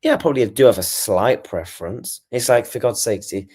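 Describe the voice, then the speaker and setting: A man's voice: mid-range voice, expressive, a little fast, darkish tone, slightly rough. A man hosting his own channel, giving a rambling, frustrated post-match reaction and swearing as he talks. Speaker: football fan channel host.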